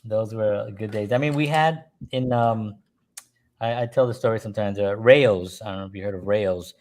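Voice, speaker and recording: A man's voice: lowish voice, normal speed. A man, casually telling stories and chuckling as he talks. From New York. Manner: animated storyteller, chuckles while talking, puts on voices in quotes. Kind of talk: casual storytelling chat.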